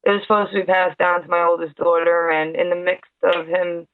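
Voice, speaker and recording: A friendly woman from New York's Hudson Valley, with a New York accent, talks casually as a guest in an interview over a video call. Her voice is lowish and level, a little fast, and the dry recording has the tinny sound of internet call audio.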